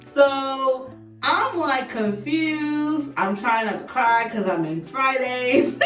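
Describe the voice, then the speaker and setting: A woman's voice: sits high, takes it slowly. Chatty young woman, echoey room. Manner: chatty, animated, addresses viewers as y'all. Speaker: beauty vlogger. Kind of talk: casual storytime chat while doing makeup. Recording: echoey room, voice a bit distant. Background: faint background music.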